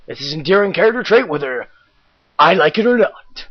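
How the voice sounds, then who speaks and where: A man's voice: a little high, very animated, a little fast, highs cut off. A man giving let's-play commentary full of joking asides and rambling self-corrections. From Canada. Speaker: game player.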